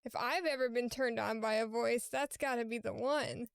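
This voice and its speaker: A woman with a high voice co-hosts a podcast in a playful, giggly manner. Her voice sounds dry and close. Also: fairly even intonation, moderate pace, creaky, clean tone, no echo. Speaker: podcast co-host. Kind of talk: casual podcast chat.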